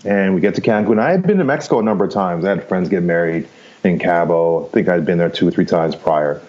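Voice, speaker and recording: The voice is low, expressive, and fast, with a darkish tone, and the highs are cut off. It belongs to a Canadian man in his fifties who casually rambles through his story as a podcast guest, frequently adding "right?" and "you know."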